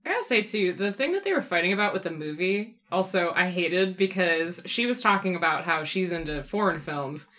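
Brief: woman podcast co-host, lowish pitch, bright sharp tone, enthusiastic chat. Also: animated, brisk, hardly any pauses. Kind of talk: casual chat.

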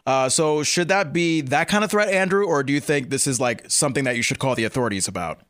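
A man's voice: medium pitch, quick pace, a bit bright. A man hosting a casual celebrity gossip chat, teasing his co-host in a playful, hesitant way. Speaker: podcast host.

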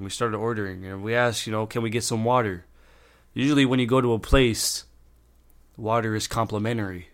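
A man's voice: fairly low pitch, a bit bright, clean tone. A young man telling a story as a vlogger, rambling and exasperated, swearing freely. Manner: profane, exasperated, rambling with restarts. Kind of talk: storytime rant.

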